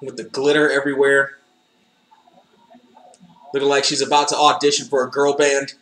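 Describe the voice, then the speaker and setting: A man's voice: medium pitch, level tone, normal speed, a bit bright, reverberant. A man casually reacting to old wrestling footage, sarcastic and joking, swearing freely. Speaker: commentator watching wrestling footage.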